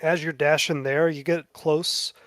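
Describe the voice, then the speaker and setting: A man's voice: a little high, a little slow, dry recording, clean studio sound. Casual man running a tabletop game. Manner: relaxed, casual, with fillers. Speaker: game master.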